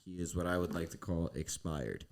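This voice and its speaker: A man's voice: deep voice, fairly quick, darkish tone. A man co-hosting a casual sports podcast, laid-back, blunt, and self-mocking. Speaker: podcast co-host.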